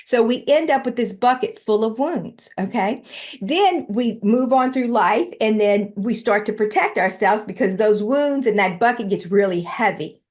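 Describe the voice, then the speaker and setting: A woman's voice: fairly high pitch, moderate pace, darkish tone. A woman guest in a casual interview, explaining her ideas earnestly and often checking in with "right?" and "you know". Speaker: guest, recovery teacher.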